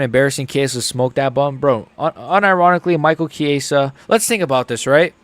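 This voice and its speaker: A young man hosting a casual live reaction stream. He swings between mumbled asides and loud, excited outbursts. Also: fairly high pitch, no echo. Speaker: host.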